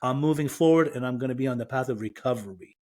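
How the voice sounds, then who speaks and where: A man's voice: mid-range voice, quick pace, a little mellow. Man from Iran telling an emotional story. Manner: emotional, vivid retelling with quoted dialogue. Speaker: podcast guest. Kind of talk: personal storytelling.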